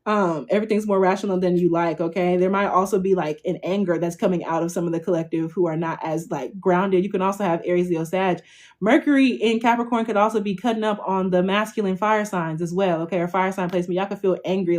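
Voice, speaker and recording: A woman's voice: lowish voice, fairly even intonation, quick pace, a little mellow. A woman, giving a chatty, blunt tarot reading and checking in with "okay?" after nearly every line. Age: 20s. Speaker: tarot reader. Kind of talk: casual tarot reading to camera.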